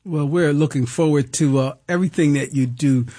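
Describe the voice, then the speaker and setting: A man's voice: on the high side, brisk, warm tone. A man hosting a college radio interview in an easygoing, affirming way. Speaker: radio host.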